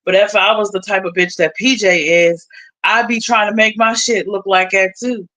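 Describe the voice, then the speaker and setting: Blunt, bright-voiced woman streamer. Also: mid-range voice, fairly even intonation, moderate pace, poor audio. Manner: blunt, profane, laughs often. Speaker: livestream host. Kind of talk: casual livestream chat.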